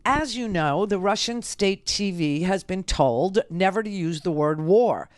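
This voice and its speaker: A woman's voice: mid-range voice, measured pace, dry recording. Brash woman talk radio host, dry studio. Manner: brash, emphatic, rambling asides. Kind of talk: political talk radio commentary.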